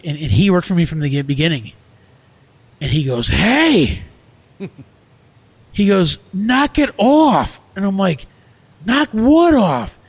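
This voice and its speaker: A middle-aged man who runs a small restaurant talks in a loose podcast conversation. His voice sits a bit high for a man. He rambles earnestly, piling up fillers as he goes. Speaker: restaurant owner.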